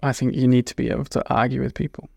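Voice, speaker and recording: Man, British accent, podcast banter, gravelly, argumentative. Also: mid-range voice, flat delivery, very fast, warm tone, no room sound. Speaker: podcast co-host. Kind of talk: casual banter.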